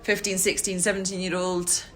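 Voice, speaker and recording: A woman's voice: lowish voice, little pitch movement, normal speed, a bit bright. A woman with a Scottish accent in a casual group reflection, chatty and full of "you know". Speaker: community learning worker.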